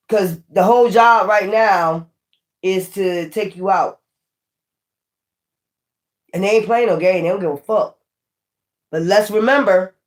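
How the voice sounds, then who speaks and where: A woman giving a casual tarot reading, blunt and profane, who warns the viewer and repeats her points for emphasis. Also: medium pitch. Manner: warning the viewer, repeating herself. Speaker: tarot reader.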